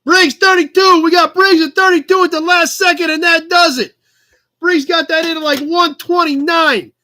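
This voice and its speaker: Guy doing a brash new york auctioneer, hammy put-on accent, real high and bright, pushing bids. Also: fairly even intonation, moderate pace. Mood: hamming.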